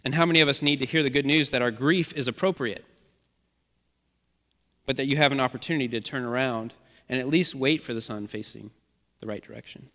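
A male pastor delivering a sermon in an earnest, measured voice of middling pitch, circling back to key phrases for emphasis. His words ring out with a long reverb tail, as if recorded in a church sanctuary. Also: sharp tone. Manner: earnest, repetitive preaching cadence.

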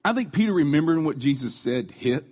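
A man's voice: a little high, animated, fast talker, darkish tone, breathy edge. A man in his thirties giving a casual, conversational sermon, chatty, with restarts and asides. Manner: acts out quoted voices. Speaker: preacher.

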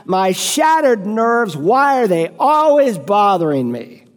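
Preacher doing a self-pitying homeowner in a sermon, high grumbling voice, long hall echo. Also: male voice, sing-song, takes it slowly, heavily acted. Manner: whiny, put-upon complaining. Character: grumbling self-absorbed man at home.

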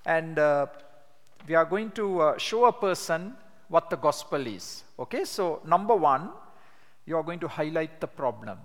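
An older man teaching a class on sharing the gospel, telling stories with animation and reading scripture slowly with emphasis. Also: on the high side, animated. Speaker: evangelism trainer. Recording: long hall reverb.

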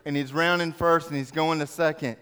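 Smooth-voiced man telling a sermon story. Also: fairly high pitch, fairly quick. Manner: animated storyteller, acting out yelling crowds. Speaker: speaker in a church service.

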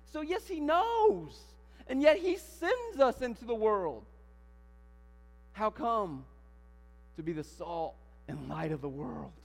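A man preaching a sermon in a church, animated, firing rhetorical questions and building to emphatic declarations. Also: extremely high pitch. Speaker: pastor. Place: church sanctuary. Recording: long hall reverb with mains hum.

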